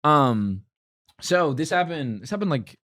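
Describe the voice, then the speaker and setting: A man's voice: fairly high pitch, very animated, unhurried, a bit bright, no echo, clean studio sound. A young man from Los Angeles telling a rambling story on a podcast, with lots of "like" fillers, acting out voices as he goes. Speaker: podcast host. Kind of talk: casual storytelling chat.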